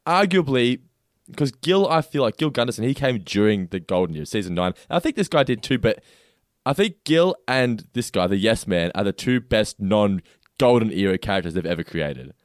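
Man, casual podcast chat, emphatic and blunt, lively pitch, dry sound. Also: moderate pace, dry recording. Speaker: podcast co-host.

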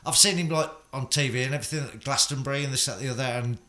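Bright-voiced man, rambling co-host. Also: medium pitch, rapid-fire. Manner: rambling, relaxed, many fillers. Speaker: podcast co-host. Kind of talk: casual music podcast chat.

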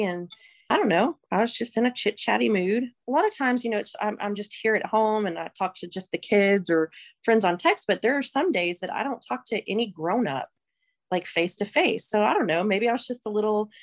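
A woman co-hosting a podcast in casual chat, chatty and quick to laugh, often trailing off mid-sentence. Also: medium pitch, expressive. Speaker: podcast co-host.

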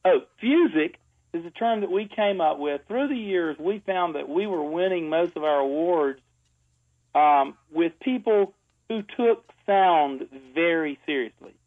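A man's voice: a little high, lively intonation, a little slow. A man telling stories as a guest in an interview, chatty and laughing, with lots of um's and restarts. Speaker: ad music composer, guest. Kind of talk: casual storytelling interview. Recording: tinny phone-like radio sound.

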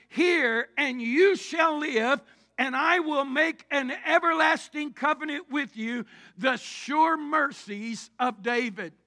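Male pastor, gravelly, fervent shouting sermon, measured pace. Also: very high voice. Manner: preaching cadence, rising to shouts.

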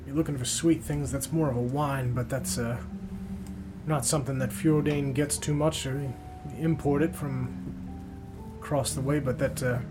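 A man's voice: medium pitch, fairly even intonation, normal speed, lightly acted. A man voicing a chatty, flirtatious middle-aged ale seller who rambles in folksy small talk. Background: background music.

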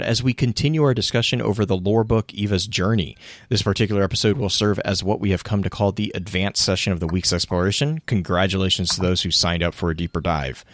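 A man hosting a casual online podcast, reading sponsor notes and then chatting loosely with restarts. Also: low-pitched. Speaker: podcast host.

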